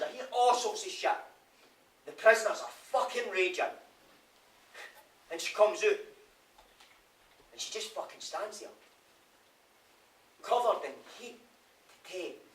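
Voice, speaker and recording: A guilt-ridden male prisoner comes alive in a stage actor's theatre monologue, delivered in a Scottish accent with constant swearing. The voice is high, expressive and fairly bright, unhurried and often pausing, with a raw, brooding manner. The sound is live from the stage, roomy and distant.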